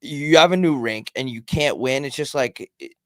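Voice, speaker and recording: A man's voice: medium pitch, moderate pace, no echo, studio quality. A man co-hosting a podcast in casual sports chat, rambling and profane. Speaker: podcast co-host.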